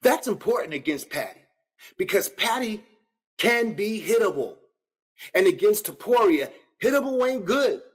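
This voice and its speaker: A man's voice: high voice, normal speed, slightly rough. A man hosting a combat-sports podcast, breaking down a fight and talking straight to his viewers with casual slang. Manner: animated, addresses viewers directly with slang. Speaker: podcast host. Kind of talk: solo fight-analysis podcast.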